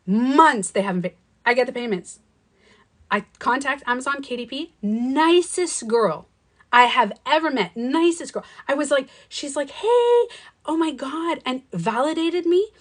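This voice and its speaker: Animated woman telling a story. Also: high-pitched, normal speed. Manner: animated storytelling with swearing and laughs. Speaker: life coach and author. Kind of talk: casual live-stream monologue.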